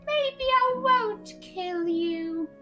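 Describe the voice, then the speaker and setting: A man's voice: very high voice, lively intonation, extremely slow, sharp tone, faint music behind, voice pushed up, heavily acted. A woman voicing a pompous, short, bald male lord who blusters and shrieks in outrage. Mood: scheming.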